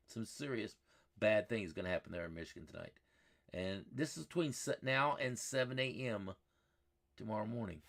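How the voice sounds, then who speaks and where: Gravelly man rambling about storms. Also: on the low side. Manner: excited, rambling, repeats himself. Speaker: weather stream host. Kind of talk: live weather commentary over radar maps.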